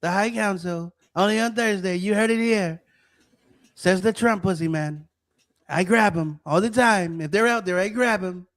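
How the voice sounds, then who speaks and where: A man's voice: high voice, normal speed, a bit bright, voice pushed up. A man doing a mocking impression of a boastful, rambling, crude male president, in a raised voice.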